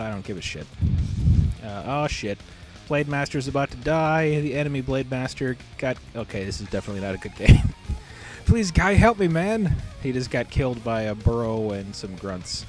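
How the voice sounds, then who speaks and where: A man giving casual, profane and joking commentary on a game replay, rambling between asides. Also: mid-range voice.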